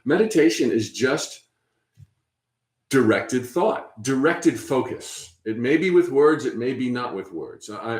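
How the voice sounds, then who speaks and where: A man hosting a spiritual workshop, talking in a gentle, encouraging way with frequent fillers and restarts. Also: mid-range voice, echoey room. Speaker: workshop host. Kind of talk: guided spiritual workshop talk.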